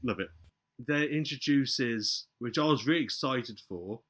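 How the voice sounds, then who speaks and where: A man in a casual podcast chat, recounting a movie scene by scene. His pitch swings widely, jumping up whenever he quotes the characters, while his ordinary speaking voice sits in a middle register. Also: unhurried. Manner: animated retelling, acts out movie lines. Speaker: podcast film reviewer.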